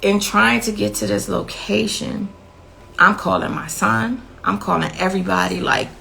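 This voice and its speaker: A woman's voice: mid-range voice, fairly even intonation, normal speed, vocal fry, sharp tone, a little hiss or hum, poor audio. A woman, a grieving mother, giving a blunt and impassioned interview account, repeating herself for emphasis. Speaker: victim's mother telling her story.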